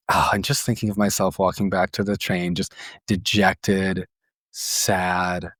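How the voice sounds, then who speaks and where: Low-voiced man telling a personal story. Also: a bit bright, no room sound, studio quality. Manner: casual, many "like" fillers, occasional swearing; emotional, inward. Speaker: therapist and podcast host.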